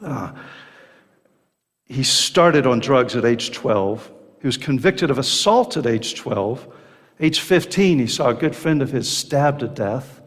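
A man preaching a sermon at a slow, deliberate pace. He reads scripture aloud and then explains it in plain words, stopping now and then on a filler. His voice rings with the long reverb of a hall. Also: medium pitch, animated.

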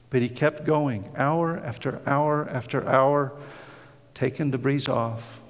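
A man's voice: medium pitch, fairly even intonation, slow, big-room sound. A man preaching a sermon, telling a story with passion and many fillers, then leading a prayer. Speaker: pastor.

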